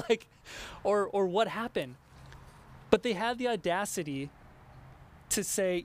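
High-voiced animated male preacher. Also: a little slow, long pauses. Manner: animated, acts out imagined dialogue with many restarts. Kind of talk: sermon.

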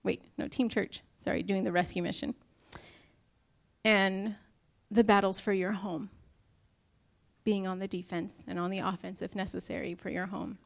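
A woman's voice: mid-range voice, flat delivery, normal speed, vocal fry. A young woman preaching a sermon to her church, earnest and emotional as she speaks to the congregation.

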